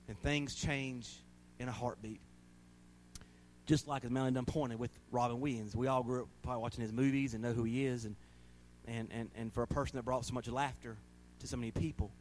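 A man, preaching a sermon as pastor, telling folksy stories and laughing often. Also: mid-range voice. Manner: folksy storytelling, laughing often, rising to loud bursts.

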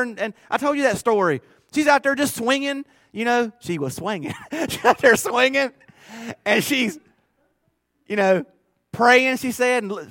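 A middle-aged pastor with a high, bright-edged voice delivers a sermon. He drops to low, confiding murmurs, then rises into loud, fervent preaching. The sound is close and dry, with no room echo.

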